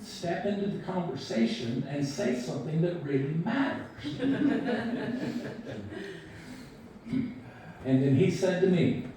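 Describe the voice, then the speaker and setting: A man in his sixties giving a memorial eulogy, telling stories about a friend in an unhurried, anecdotal way and quoting him with a chuckle. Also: high voice, expressive, warm tone, slight background noise. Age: 60s. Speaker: eulogy speaker. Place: large echoey hall at a memorial service. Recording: echoey hall recording from far off.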